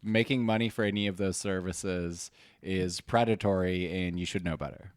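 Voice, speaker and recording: Smooth low-voiced man chatting. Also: steady tone, normal speed, no room sound, studio quality. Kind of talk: casual chat.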